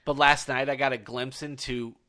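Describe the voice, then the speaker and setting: A man in his thirties hosts a podcast and tells a long family story in loose, swearing, emphatic chat. His voice is bright and forceful, pitched at an ordinary middle height. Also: moderate pace. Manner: profane, animated, emphatic storytelling. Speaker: podcast host.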